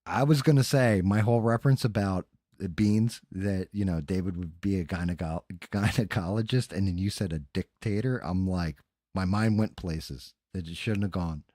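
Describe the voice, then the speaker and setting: A man's voice: sits low, moderate pace, warm tone, no echo, clean studio sound. A man hosting a casual livestream, bantering loosely and swearing with the live chat and his co-hosts. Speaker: podcast host.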